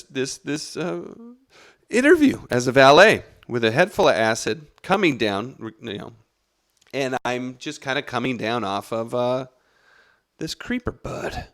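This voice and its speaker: A man, the podcast's host, telling a long story in a rambling, profane, casual way. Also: medium pitch. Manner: rambling, profane, animated, with restarts.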